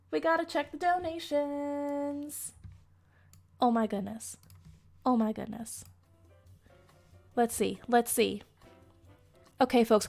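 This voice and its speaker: Excitable high-voiced woman streamer. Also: takes it slowly, long pauses, faint music behind. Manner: excitable, laughs often, talks to chat. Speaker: charity stream host. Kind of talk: casual live-stream chat.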